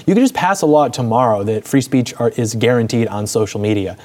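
A man on a political talk show, offering opinions in a dry, deadpan way. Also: mid-range voice, quick pace, few pauses. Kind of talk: political commentary chat.

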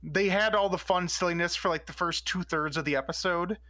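Male co-host, bright and playful, higher voice, dry recording. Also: fairly quick, no echo. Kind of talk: casual chat.

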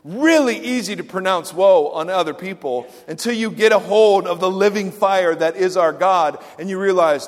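A man pastor delivering a sermon, swinging from loud emphatic lines to hushed, quiet asides. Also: high-pitched, moderate pace, few pauses, long reverb tail.

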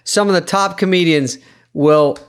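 A man's voice: fairly high pitch, unhurried, clean tone. A man co-hosting a podcast, animatedly telling comedy stories in casual chat. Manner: animated storyteller, acts out voices. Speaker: podcast co-host.

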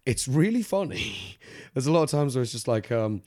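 A man co-hosting a podcast in casual chat, jokey and quick to laugh. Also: medium pitch, animated, a little mellow, no echo, clean studio sound. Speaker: podcast co-host.

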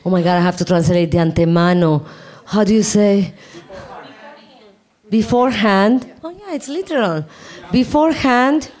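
Animated woman telling a story. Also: fairly low pitch, brisk. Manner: animated, laughing, acts out quoted dialogue. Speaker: guest answering questions. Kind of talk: casual storytelling and Q&A.

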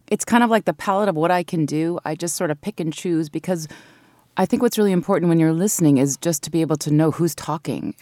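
Woman, audiobook narrator, interview, very low voice, thoughtful explaining, dry close sound. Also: quick pace, mellow, dry recording. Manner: thoughtful, explanatory, laughs easily. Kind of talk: interview conversation. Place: home recording booth. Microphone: studio microphone.

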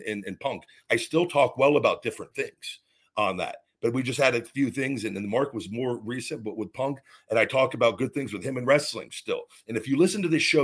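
A man's voice: medium pitch, fairly bright tone. A man hosting his own podcast, delivering a heated, profane rant full of repeated restarts. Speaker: podcast host. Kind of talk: podcast monologue.

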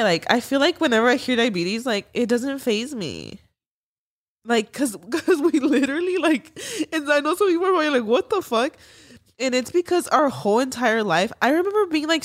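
A woman's voice: a little high, no echo. Young female co-host, loose filler-heavy chat with cursing, dry close sound. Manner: swearing, filler-heavy, giggly. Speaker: podcast co-host. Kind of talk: casual chat.

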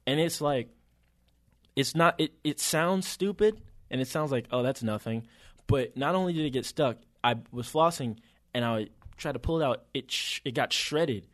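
Man, podcast co-host, casual chat, slangy and animated, dry close sound. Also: mid-range voice, moderate pace, no echo. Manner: animated storytelling, heavy swearing and slang.

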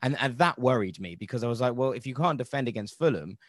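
Man, podcast host, casual rambling chat, mid-pitched, dry close-miked sound. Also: expressive, quick pace, no echo. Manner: rambling, self-correcting, wry.

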